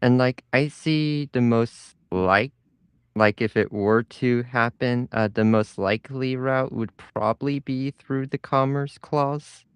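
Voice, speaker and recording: A man on a podcast, speaking hesitantly with many pauses in casual chat. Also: mid-range voice, clean tone, no echo.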